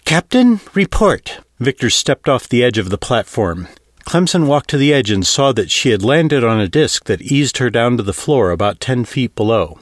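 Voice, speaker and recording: A male audiobook narrator with a lively, roaming pitch, telling the story expressively and with steady care. The sound is dry and close, with no room around it. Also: normal speed, dry recording.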